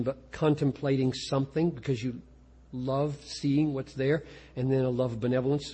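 With a warm, husky, mid-range voice, a pastor reflects sincerely and with self-mockery on his poetry writing, frequently starting his sentences over. The recording has the long reverb of a big hall.

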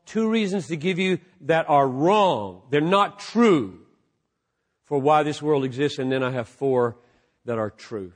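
A man preaching a sermon to a live audience with passion, dropping to a hush and then rising almost to a shout. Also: fairly high pitch. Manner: impassioned, swinging from hushed to near-shouting. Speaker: pastor.

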